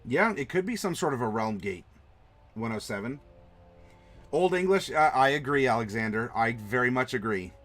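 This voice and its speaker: A man hosting a live map-design stream, chatting to viewers in an animated, playful way. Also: mid-range voice, normal speed, soft background music. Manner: animated, playful, talks to chat. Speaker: host.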